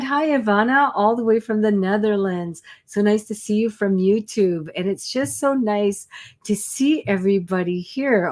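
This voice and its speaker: Woman, from Canada, livestream host, effusive, chatty, mid-pitched voice. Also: a little slow, a little mellow. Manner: effusive, chatty, greets viewers by name with frequent exclamations. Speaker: psychic medium hosting a livestream. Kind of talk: casual livestream chat greeting viewers.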